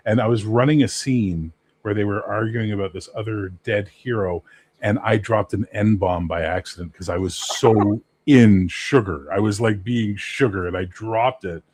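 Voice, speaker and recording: A man's voice: fairly low pitch, moderate pace, slight background noise. A middle-aged man, a game master guest, telling rambling, profane stories in casual podcast chat. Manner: rambling, profane, animated storyteller.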